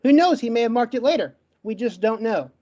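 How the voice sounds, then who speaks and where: A man's voice: very high-pitched, expressive, warm tone, lo-fi sound. Man with a stutter, making his case. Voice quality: stutters, gets stuck on words. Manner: brisk, emphatic, lists facts. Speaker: debate guest. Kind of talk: online debate closing argument.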